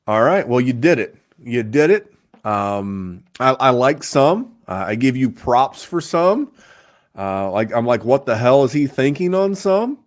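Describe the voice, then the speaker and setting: A man's voice: medium pitch, big pitch swings, measured pace, no echo, clean studio sound. A man hosting a fantasy football podcast in casual chat, rambling with fillers and restarts. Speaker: podcast host.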